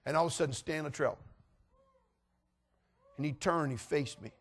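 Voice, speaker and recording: A middle-aged man preaching, telling a story and acting out voices with animated delivery. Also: on the high side, normal speed. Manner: animated, acts out voices in anecdotes. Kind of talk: sermon storytelling.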